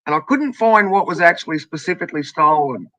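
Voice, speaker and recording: Blunt, forceful Australian woman telling stories. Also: low-pitched, lively intonation, fairly quick, dry recording. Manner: blunt, heavy swearing, acts out other people's voices. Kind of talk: casual storytelling chat.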